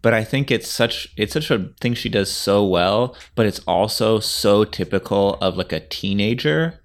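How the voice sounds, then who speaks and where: A man co-hosting a casual book discussion, eager and quick to agree. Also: lowish voice. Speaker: book club podcast co-host.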